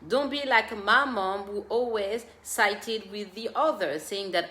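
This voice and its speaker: A woman's voice: medium pitch, unhurried, hardly any pauses, bright, forceful tone. A woman who hosts a parenting show, giving earnest, direct advice to parents and mixing in her own stories. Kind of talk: casual advice talk. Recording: echoey room.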